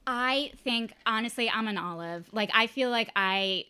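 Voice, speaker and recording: A woman guest in casual podcast chat, rambling fast with lots of fillers and restarts. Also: fairly high pitch, sharp tone, smooth. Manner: rapid rambling with many fillers.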